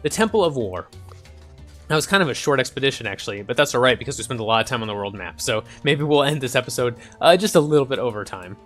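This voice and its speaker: Lively man narrating a game. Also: medium pitch, quick pace. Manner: chatty, reads game text aloud. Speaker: gaming channel host. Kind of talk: casual let's-play commentary. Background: faint game music.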